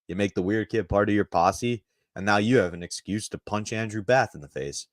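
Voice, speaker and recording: A low-voiced man trades crude jokes as co-host of a comedy chat show. His voice sounds dry and close to the mic. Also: fairly quick, no room sound. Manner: crude, joking banter. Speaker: podcast co-host.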